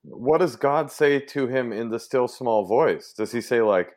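A man's voice: mid-range voice, lively intonation, measured pace, darkish tone. A man co-hosting a casual podcast chat, dropping joking, teasing interjections. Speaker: podcast co-host.

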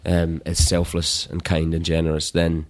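Deep-voiced Scottish man, relaxed guest. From Scotland. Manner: thoughtful, halting with restarts, laughs easily. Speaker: actor guest. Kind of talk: casual interview.

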